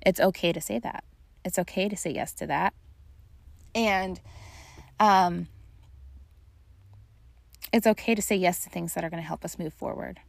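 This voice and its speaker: A woman's voice: fairly low pitch, moderate pace, creaky, pauses often, no room sound. A young adult woman hosting a solo podcast on grief, talking casually and reassuringly straight to her listeners with many fillers. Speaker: podcast host and grief coach.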